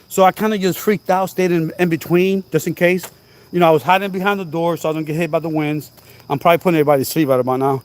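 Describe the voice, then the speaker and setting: High-voiced man telling a storm story. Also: fast. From New Jersey. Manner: animated, repetitive, exclaiming. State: coughing now and then. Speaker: channel host. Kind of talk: casual storytelling vlog. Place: outdoors at night by a house.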